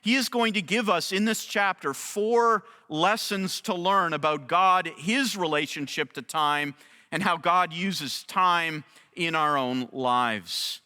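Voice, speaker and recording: A man teaching an expository Bible study in a deliberate, emphatic way, repeating key phrases. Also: a little high, sharp tone, clear, resonant tone. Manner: slow, deliberate, emphatic restatements. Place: large church auditorium. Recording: long church hall reverb.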